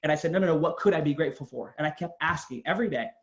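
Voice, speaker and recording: A man's voice: a little high, very fast, roomy sound. A man giving an earnest, emphatic motivational talk, telling his own story. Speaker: motivational speaker. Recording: dull lo-fi sound.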